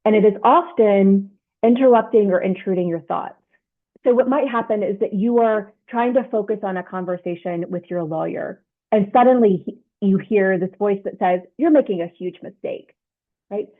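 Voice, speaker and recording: A woman's voice: medium pitch, normal speed. Tinny-sounding woman coaching through a talk. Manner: explanatory, checks in with "right?". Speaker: leadership coach. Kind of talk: instructional self-help talk.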